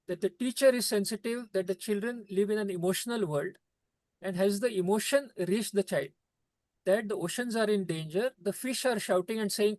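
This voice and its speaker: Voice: mid-range voice, no room sound. A trainer gives an earnest, repetitive talk to teachers over a video call. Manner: repetitive, emphatic, preachy phrasing.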